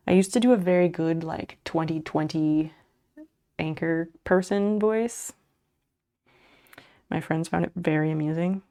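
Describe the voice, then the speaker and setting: A woman's voice: lowish voice, unhurried, dark tone. A woman streamer chatting casually with her viewers while she crochets, muttering and swearing under her breath as she works. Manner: chats back to viewers' messages.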